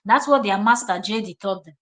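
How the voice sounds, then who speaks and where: A woman's voice: mid-range voice, fairly quick, a bit bright. A woman with a Nigerian accent hosting a live stream, reacting to clips in an emphatic, scolding, repetitive way.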